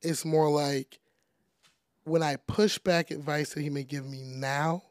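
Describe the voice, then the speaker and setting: A young man chats as a guest, loose and conversational, leaning on "like" and "you know" as he talks. His voice sits a touch high for a man. The recording is close and dry, with no room sound. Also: a little slow, dry recording. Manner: relaxed, chatty, heavy use of "like" and "you know". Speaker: podcast guest, DJ. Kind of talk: casual interview conversation.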